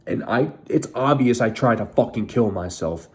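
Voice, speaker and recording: A man's voice: mid-range voice, animated, moderate pace, few pauses. A young man, a veteran, telling his own story on camera in an angry, bitter, heavily profane way. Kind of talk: emotional first-person storytelling.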